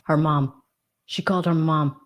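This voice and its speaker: A woman's voice: deep voice, steady tone, unhurried. A woman hosting a true crime commentary livestream, indignant and emphatic, talking straight to her viewers. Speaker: livestream host.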